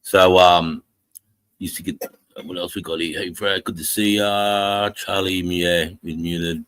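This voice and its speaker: A man's voice: deep voice, steady tone, measured pace, a bit bright, clear, resonant tone, no echo. An Australian man hosting a livestream panel, swearing constantly and laughing often in crude casual chat. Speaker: livestream host.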